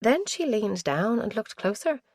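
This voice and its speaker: A woman reading a crime thriller audiobook in a measured, suspenseful way. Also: fairly high pitch, big pitch swings, a little mellow, no room sound, studio quality. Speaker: audiobook narrator. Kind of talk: scripted narration.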